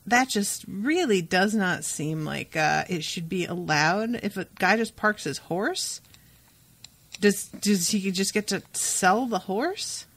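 Animated woman podcaster, dry close sound. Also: mid-range voice, breathy edge, no echo. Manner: animated, swearing, quick asides. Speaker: podcast co-host. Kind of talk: casual chat.

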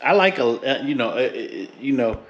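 A man's voice: medium pitch, very animated, normal speed. A man from the Philly–New York area talks through a sneaker unboxing in loose, slangy, joking asides. The room is echoey and the sound a bit muffled. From Philadelphia–New York area. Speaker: sneaker reviewer. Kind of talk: casual unboxing vlog.

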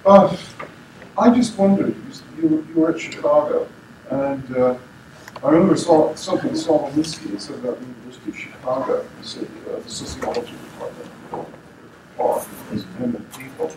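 Guy in the audience asking a rambling question, far from the mic, echoey noisy room. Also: fairly high pitch. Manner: halting, with many restarts. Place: lecture room.

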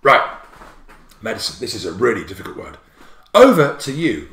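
Male teacher, jokey and animated, livestream spelling lesson, roomy echo. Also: mid-range voice, moderate pace. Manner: bouncy, jokey, playful asides.

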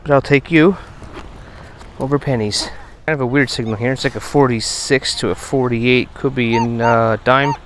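A man giving casual running commentary while metal detecting on a beach at night, chatting to his finds with excited bursts. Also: medium pitch, moderate pace, a little hiss or hum. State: out of breath.

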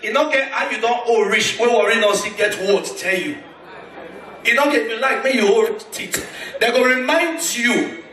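Nigerian male stand-up comic, high and forceful, live in a large echoey venue. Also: moderate pace, recorded from a distance. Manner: loud, animated storytelling with sudden shifts in pitch. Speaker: stand-up comedian. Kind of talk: stand-up comedy in Nigerian Pidgin. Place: large concert hall with live audience. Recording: echoey hall, mic off a bit, crowd noise.

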